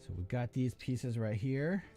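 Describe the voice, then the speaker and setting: A man's voice: medium pitch, lively intonation, unhurried, warm tone, soft background music. A man hosting a live build stream, chatting casually and rambling, often breaking off mid-sentence and swearing now and then. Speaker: live-stream host building model kits.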